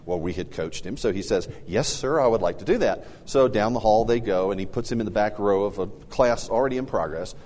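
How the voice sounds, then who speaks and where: A middle-aged man co-hosting a casual parenting talk, telling animated stories and acting out the people he quotes. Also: fairly quick, few pauses, big-room sound. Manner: animated storyteller, acts out quotes with big pitch jumps. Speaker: co-host.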